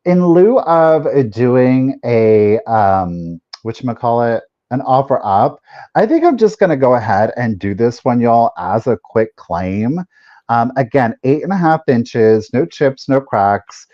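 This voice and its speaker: A man co-hosts a live vintage sale over dull, lo-fi stream audio. His pitch swings widely as he jokes around. He trails off into fillers while he lists each item's details. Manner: lively, joking, trails off with fillers. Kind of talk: casual live-stream selling.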